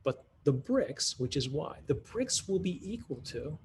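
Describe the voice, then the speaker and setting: A man's voice: a little high, sing-song, unhurried, a little hiss or hum. A man giving a conference talk that models a math lesson, in a teacherly way, thinking aloud with restarts and rhetorical questions. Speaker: math curriculum presenter.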